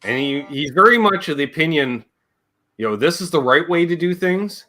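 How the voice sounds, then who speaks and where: A man's voice: on the high side, animated, moderate pace, sharp tone. A man, a guest on a livestream, telling rambling, jokey stories and imitating his relatives' voices as he goes. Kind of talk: casual storytelling on a livestream.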